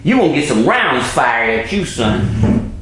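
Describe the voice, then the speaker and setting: A man tells streetwise stories in a lively, rising-and-falling voice. He swears freely and restarts his sentences often. The room around him is roomy and echoey. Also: mid-range voice, measured pace, slight background noise. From New York. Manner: streetwise, profane, storytelling with many restarts. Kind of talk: casual conversation.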